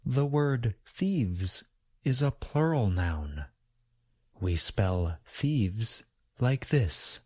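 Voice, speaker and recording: Male ESL teacher, very slow and deliberate delivery, animated pitch. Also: slightly rough, dry recording, clean studio sound. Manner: slow, carefully enunciated, drills sounds for repetition. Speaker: pronunciation teacher. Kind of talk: slow scripted lesson.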